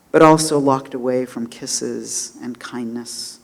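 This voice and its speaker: A man's voice: mid-range voice, steady tone, slow pace, vocal fry, few pauses. Man preaching with impassioned swings, reverberant hall. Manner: impassioned, dramatic, swings from loud to hushed. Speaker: rabbi giving a holiday sermon. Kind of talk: sermon.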